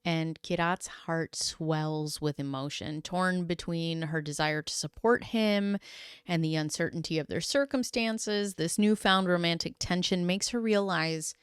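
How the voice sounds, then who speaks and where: A woman's voice: fairly low pitch, a little slow, clear, resonant tone, dry recording, studio quality. A woman recapping a true-crime story in a casual, chatty way, with dramatic flair and playful asides. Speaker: YouTube commentator.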